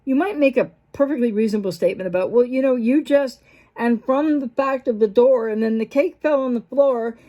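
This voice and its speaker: A woman who is a mental health professional, talking unscripted as a channel host, animated and rambling, with fillers and frequent self-interruptions. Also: fairly quick, hardly any pauses. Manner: animated, acts out quoted dialogue with big pitch jumps. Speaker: host of a breakup recovery channel. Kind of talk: unscripted talking-head explainer.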